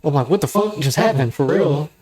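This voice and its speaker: A man's voice: on the high side, a little fast. Slangy, profane man telling a story. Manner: animated, slang-heavy, profane. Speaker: podcast guest. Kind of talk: casual storytelling. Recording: roomy echo.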